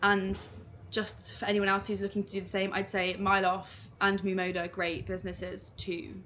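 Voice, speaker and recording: A young woman, chatting casually at home while unboxing a clothing haul in an excitable, gushing way. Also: medium pitch, moderate pace, a little hiss or hum. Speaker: vlogger.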